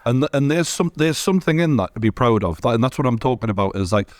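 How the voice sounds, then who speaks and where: A man's voice: medium pitch, lively intonation, fast talker, no room sound, studio quality. A man with a Geordie accent hosting an interview, encouraging his guest in a blunt, casual way. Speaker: interview host. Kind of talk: supportive interview chat.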